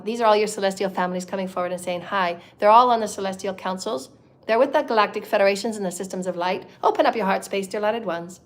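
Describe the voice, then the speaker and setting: A woman's voice: mid-range voice, quick pace. A woman leading a channeled spiritual meditation. She declaims in repeated incantations and breaks into chants of invented syllables.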